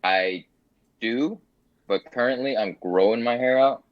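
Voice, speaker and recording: A man as a podcast guest, talking in a relaxed, rambling casual chat full of fillers. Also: mid-range voice, measured pace, muffled recording.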